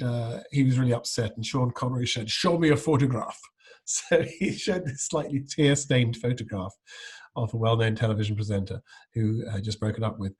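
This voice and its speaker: A man's voice: medium pitch, breathy edge. A middle-aged man, a guest impressionist, telling anecdotes in casual interview chat, rambling with frequent restarts.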